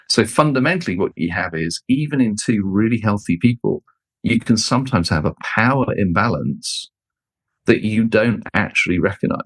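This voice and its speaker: Middle-aged male guest, slightly low voice, expressive anecdote teller, dry close mic. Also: slightly rough, no room sound. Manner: expressive, acts out quoted people with jumps in pitch. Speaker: guest, leadership author and speaker. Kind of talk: animated storytelling in conversation.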